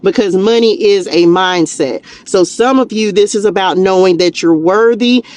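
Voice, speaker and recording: A woman's voice: medium pitch, normal speed. A woman with a Southern US drawl leads a live tarot reading in a loose, chatty way. She peppers her talk with "child" and "y'all," laughs easily, and keeps lifting her viewers up. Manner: warm encouraging pep talk, laughs easily. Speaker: tarot reader and spiritual coach.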